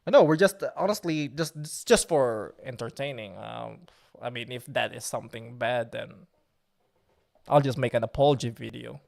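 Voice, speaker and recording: A man's voice: medium pitch, moderate pace, vocal fry, a little mellow. A man chatting casually on a live stream, joking and laughing at himself. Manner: joking, laughs often, self-mocking.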